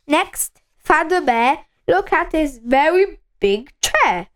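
Slow-reading woman. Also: high-pitched, very animated. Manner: slow and clearly enunciated for children. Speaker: storyteller. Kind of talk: storybook read-aloud.

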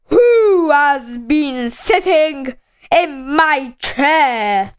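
A woman voicing a big, gruff male father bear, speaking loudly and drawing out each word in a storybook reading. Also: high-pitched, expressive, drawn-out words, heavily acted. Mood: booming. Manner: loud and drawn out.

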